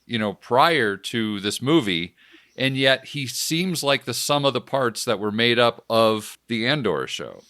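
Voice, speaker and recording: Lively bright-voiced man podcast host. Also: medium pitch, no room sound, studio quality. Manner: laughs often, quick asides. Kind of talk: casual film review chat.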